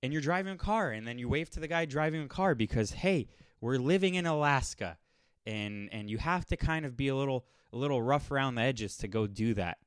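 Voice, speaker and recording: A young man telling a rambling, sardonic story in a casual monologue, now and then mocking people in quick impressions. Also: medium pitch, expressive, clear, resonant tone, dry recording. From Los Angeles area.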